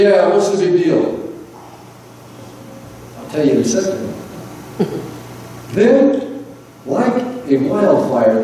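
A man's voice: fairly high pitch, dark tone, slight background noise. A male pastor delivering a fervent, rhythmic sermon from a church pulpit, his calls rising and falling. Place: church sanctuary. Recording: echoey church hall from far off.

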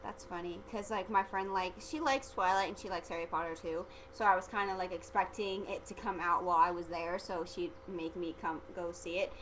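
A woman's voice: lowish voice, fairly even intonation, fairly quick, hardly any pauses, fairly bright tone, a little hiss or hum, rough recording. A teenage girl vlogging casually, rambling and giggly, full of "like" fillers. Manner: chatty and giggly, heavy use of "like" fillers.

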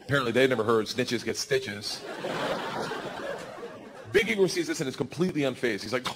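Energetic stand-up comedian with shouted punchlines. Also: male voice, mid-range voice, fairly quick, long pauses, long reverb tail, noisy background. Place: comedy stage before a live audience.

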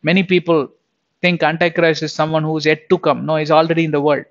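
A man's voice: on the high side, flat delivery, quick pace, dull audio. A man giving an informal Bible lesson, chatty, often laughing and repeating himself. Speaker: Bible teacher.

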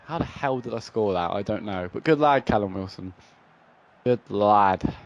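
A young man commentating his own football video game play, swinging between frustrated groans and excited shouts. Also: on the low side, normal speed, vocal fry, highs cut off. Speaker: gaming YouTuber. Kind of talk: live gameplay commentary.

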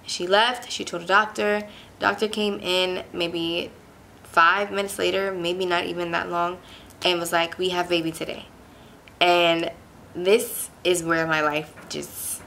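Young woman with a gravelly low voice. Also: sharp tone, slight background noise. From Pittsburgh, USA. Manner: chatty, lots of "like" fillers, emphatic retelling. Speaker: vlogger. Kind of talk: casual personal storytelling.

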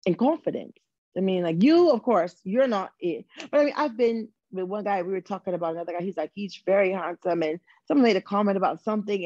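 Woman, lowish voice, frank animated storyteller, dry dull lo-fi recording. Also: no echo. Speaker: interview guest. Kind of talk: casual interview chat.

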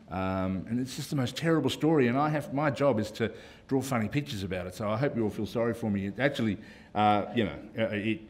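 An Australian man, a cartoonist speaking on a panel, rambling and self-deprecating with many fillers. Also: lowish voice. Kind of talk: casual panel talk.

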